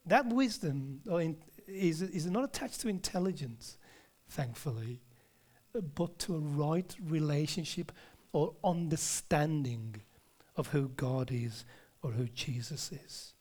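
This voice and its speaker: A man's voice: a little high, lively intonation, slow pace, darkish tone. A man preaching a sermon, emphatic and conversational, with asides to the congregation and key words dropped to a near-whisper.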